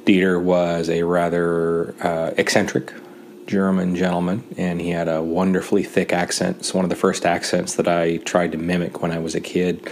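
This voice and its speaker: A man from Montana telling a wry personal anecdote in a relaxed way, with pauses and fillers. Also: low voice, a little hiss or hum. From Great Falls, Montana, USA. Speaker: storyteller.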